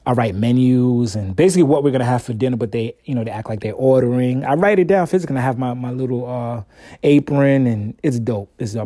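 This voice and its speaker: A man's voice: mid-range voice, mellow, no room sound, studio quality. A man hosting a casual solo podcast, talking in a laid-back, slangy, conversational way. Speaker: podcast host, father.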